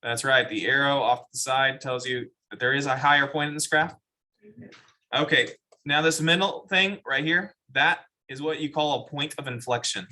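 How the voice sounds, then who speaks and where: A man teaches a math class, explaining step by step and asking students questions in a lecture. His mid-range voice is bright and forceful at a moderate pace.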